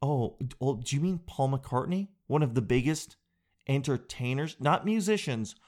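A man comedian telling a comic monologue in an animated, profane storytelling way. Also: medium pitch, moderate pace. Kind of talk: stand-up style comic monologue.

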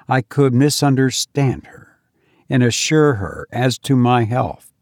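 A man reading a gothic story aloud as a narrator, measured and expressive, dropping quiet for dialogue. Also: mid-range voice, dry recording, clean studio sound. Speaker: audiobook narrator.

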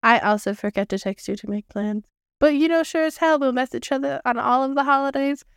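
A woman's voice: high voice, a little fast, vocal fry, smooth, no echo, clean studio sound. A woman in her twenties chatting casually as a podcast co-host, telling stories with frequent laughs and casual swearing. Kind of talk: casual chat.

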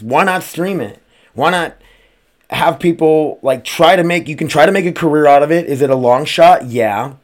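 A man hosting his own podcast, ranting casually with lots of swearing, rambling asides and rhetorical questions. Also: medium pitch. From United States. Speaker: podcast host and streamer. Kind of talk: casual solo podcast rant.

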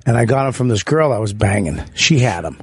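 A man, a guest comedian in a radio studio, trading crude jokes and profane, animated rants. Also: fairly low pitch, fairly quick, slightly rough, no echo.

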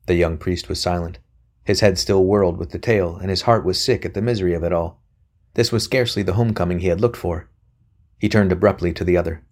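Brief: male audiobook narrator, low voice, steady and measured. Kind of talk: scripted narration.

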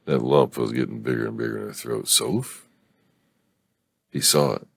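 A man reading a romance novel aloud, unhurried, with small slips and restarts. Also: a bass voice, gravelly, husky, no echo. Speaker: book reader.

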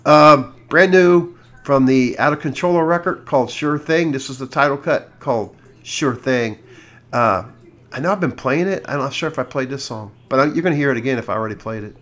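A man's voice: mid-range voice, fairly quick, fairly bright tone. A middle-aged man hosting a music radio show, chatting casually and telling a rambling story with many restarts.

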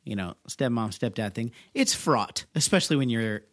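A man's voice: mid-range voice, lively intonation, normal speed, fairly bright tone. A man co-hosting a casual movie discussion podcast, making dry, wry asides. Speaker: podcast co-host.

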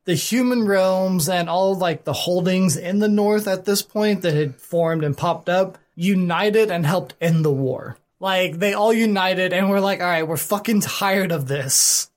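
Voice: medium pitch, a little slow, hardly any pauses. A podcast host casually retelling the history of a fantasy world, loose and chatty, with fillers and the odd swear. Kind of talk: casual chat, storytelling.

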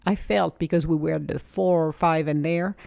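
A woman's voice: low voice, steady tone, normal speed, gravelly, a little mellow, no echo. A woman telling her own life story to an audience in an emotive, rambling, motivational way. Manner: emotive, rambling, with laughs and restarts.

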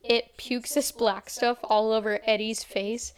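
A woman's voice: a little high, flat delivery. A young woman casually retelling a horror movie plot to a friend, quoting the characters as she goes. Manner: fast casual recap, quoting characters in a light voice. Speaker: storyteller retelling a film.

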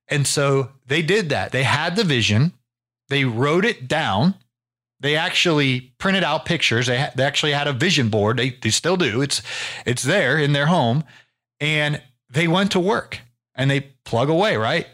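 A man's voice: a little high, animated, unhurried, a bit bright. A man from the United States hosting his own podcast, telling a story in a casual, rambling way with lots of fillers and restarts. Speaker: podcast host.

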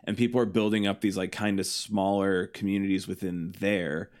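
A man's voice: low-pitched, little pitch movement, moderate pace, a little mellow. A young man from the Chicago suburbs, a band guest chatting casually on a podcast, rambling with lots of "like" and acting out quotes. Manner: rambling, heavy on "like", does quoted voices.

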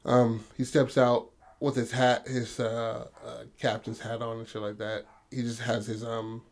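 A man's voice: mid-range voice, completely flat delivery, measured pace, gravelly. A man co-hosting a podcast, telling a story in a rambling, casual way and swearing freely. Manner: rambling, full of "you know what I mean", swears freely. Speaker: podcast co-host.

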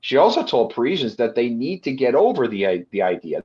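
A man's voice: medium pitch, lively intonation, fairly quick, hardly any pauses, a little mellow, highs cut off. A man, a lawyer and guest on a webinar, explaining policy at length with frequent fillers and restarts. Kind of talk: webinar presentation.

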